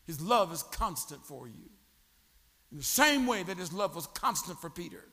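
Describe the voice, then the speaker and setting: Animated preacher with a high, gravelly voice. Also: male voice, moderate pace, big-room sound. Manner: animated preaching with crowd prompts and humor. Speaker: pastor. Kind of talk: sermon.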